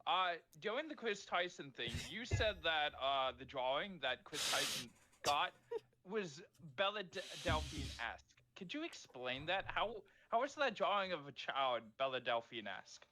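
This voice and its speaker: A man's voice: fairly high pitch, big pitch swings, moderate pace, sharp tone, a little hiss or hum. A man calling into a livestream, asking pointed, direct questions in casual talk. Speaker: caller on a stream. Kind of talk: casual call-in chat.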